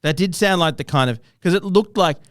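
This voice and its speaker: A man from Australia, a comedian co-host in casual chat, quick and sarcastic. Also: sits high, no echo, studio quality. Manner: sarcastic, quick, animated impressions.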